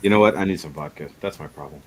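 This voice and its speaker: A man's voice: a bass voice, very fast, a little hiss or hum, low-quality recording. A man hosting a casual livestream chat, rambling and laughing often. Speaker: livestream host.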